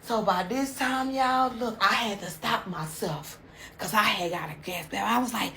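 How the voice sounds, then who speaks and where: A woman's voice: medium pitch, moderate pace, gravelly, fairly bright tone, a little hiss or hum. A woman telling a dramatic story in a chatty, casual way. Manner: dramatic, chatty, sprinkles endearments. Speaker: storytime video host.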